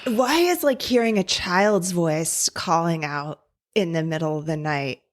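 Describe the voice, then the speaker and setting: A woman's voice: fairly low pitch, unhurried. A woman co-hosting a casual podcast, blunt and exasperated, swearing freely as she tells her own stories. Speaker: podcast co-host. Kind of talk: casual chat.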